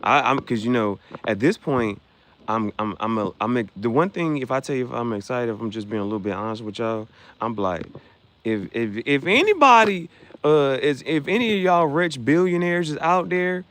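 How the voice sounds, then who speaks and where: A man's voice: mid-range voice, lively intonation, moderate pace, a bit bright. A young man hosting a casual livestream, joking and reacting to viewers' comments with frequent laughter. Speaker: livestream host.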